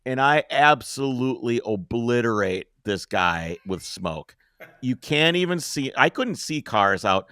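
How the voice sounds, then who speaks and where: A man hosting a podcast, telling a long story in a casual, animated way, swearing freely and acting out the scenes. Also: medium pitch, a little slow, clean tone, no echo, studio quality.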